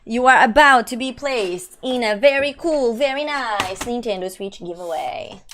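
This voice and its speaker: A young woman hosts a live stream in casual, talkative chat, her voice sitting a little high. She reads her viewers' messages aloud and answers in quick, slangy bursts. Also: expressive, background noise.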